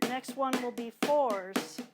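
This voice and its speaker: A woman teaching drum exercises, calmly cueing each one while she plays. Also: on the high side, takes it slowly, loud music behind the voice. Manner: calm, counts and cues exercises while playing. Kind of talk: instructional demonstration. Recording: talk over loud drumming and metronome.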